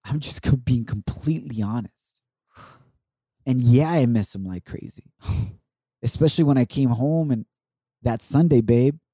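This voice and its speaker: A man in his thirties talks through a painful personal loss with a heartfelt, reflective manner, now and then slipping into Spanish phrases. His voice is mellow and warm in tone, recorded close and dry. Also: mid-range voice, unhurried, long pauses, slightly rough, dry recording. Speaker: podcast co-host. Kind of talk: emotional personal testimony.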